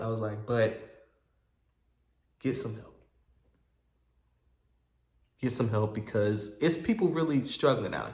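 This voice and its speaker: A man telling a personal story to his viewers in a casual, animated way, acting out both sides of old conversations. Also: medium pitch, reverberant.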